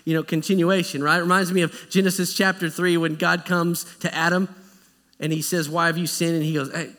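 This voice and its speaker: Male pastor, high voice, chatty animated sermon delivery, recorded in an echoey hall. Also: brisk. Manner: conversational, animated preaching with acted-out quotes.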